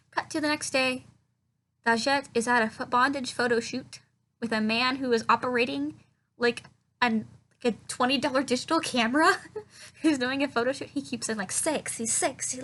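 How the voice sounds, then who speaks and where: A film reviewer with a high-pitched, slightly bright voice recaps a movie casually and sarcastically, at a moderate pace with frequent pauses and fairly even intonation. She swears a lot and mocks the dialogue in silly voices.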